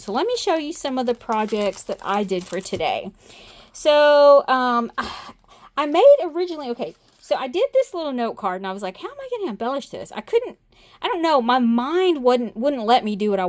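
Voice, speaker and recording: A woman hosting a casual crafting video, chatting bubbly and self-deprecating as she shows products at her desk at night. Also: a little high. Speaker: crafting channel host.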